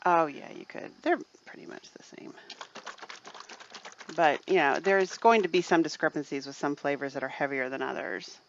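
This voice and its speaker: A woman's voice: low-pitched, normal speed, highs cut off, slight background noise. A woman co-hosting a casual show, chatting viewers through a mixing demonstration step by step. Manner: chatty, explains step by step, addresses viewers as "people". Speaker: co-host demonstrating recipe mixing. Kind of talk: casual instructional chat.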